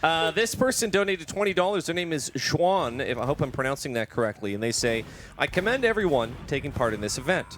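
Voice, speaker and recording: A man's voice: fairly high pitch, big pitch swings, fast talker, a bit bright. A man hosts a charity stream in a rambling, chatty way, reading donor messages aloud. His voice rises and falls a lot. A faint noise sits behind it. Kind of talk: casual chat, reading donations.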